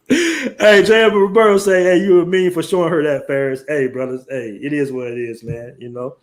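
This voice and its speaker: A man hosts a casual live stream, talking in an easy, slangy way. His voice sits a little high for a man, and he keeps his patter loose and unhurried. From United States. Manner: laid-back, slangy, reads out viewer comments.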